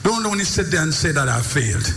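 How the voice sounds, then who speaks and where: A man giving an emphatic, preacher-like motivational speech, swinging between booming lines and low ones. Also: sing-song, fast talker, vocal fry, a bit bright, reverberant, in a large hall, faint music behind. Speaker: motivational speaker.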